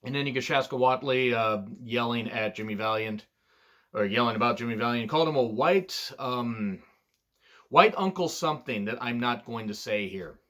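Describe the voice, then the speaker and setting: A man's voice: mid-range voice, moderate pace, fairly bright tone. Profane, ranting wrestling-fan man. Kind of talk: casual retro review commentary.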